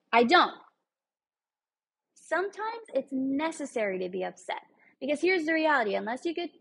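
A woman's voice: high-pitched, slightly rough, poor audio. A woman speaking in an earnest, emphatic way, giving a casual motivational talk with some rambling asides.

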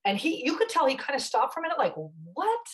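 A woman's voice: high voice, expressive, very fast, poor audio. A woman guest in a conversation, telling a story in a passionate, emphatic, chatty way.

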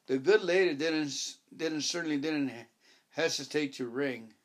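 A man narrating a first-person story as an audiobook, wry and measured, voicing his own dialogue. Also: fairly high pitch.

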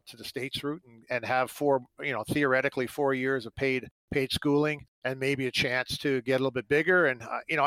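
A man's voice: mid-range voice, pushed and bright, no echo, rough recording. A middle-aged man from Canada, a former hockey player, telling long rambling stories in an interview with lots of fillers. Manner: rambling anecdotes full of fillers, acting out quotes. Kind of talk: storytelling in an interview.

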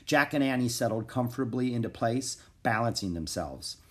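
A man narrating a children's chapter book in a calm, even reading voice. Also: mid-range voice, normal speed. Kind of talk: storybook narration.

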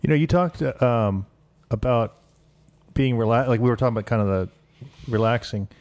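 A man co-hosting a podcast who asks questions in a halting, restarting way. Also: mid-range voice, a little mellow. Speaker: podcast co-host. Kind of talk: casual interview chat.

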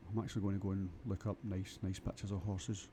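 A man's voice: sits low, flat delivery, quick pace, background noise. A Scottish man delivering a rambling comic monologue to camera, crude and full of stammered restarts. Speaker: vlogger.

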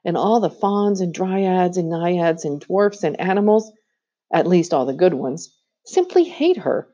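A woman's voice: fairly low pitch, expressive, unhurried, dark tone, highs cut off. A woman voicing an eager, happy young girl who gushes breathlessly, in a storybook reading. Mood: excited. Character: excited, happy little girl.

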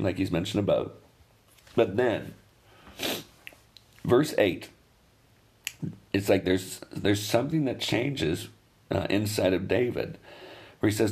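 A man's voice: lowish voice, vocal fry, darkish tone. A man preaching a sermon in an earnest, conversational way, often restarting his phrases. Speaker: pastor.

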